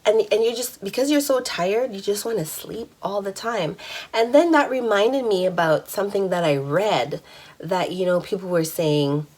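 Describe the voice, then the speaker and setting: A woman's voice: mid-range voice, normal speed, darkish tone. A woman in her thirties telling a personal story in a candid, chatty vlog, laughing now and then. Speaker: vlogger.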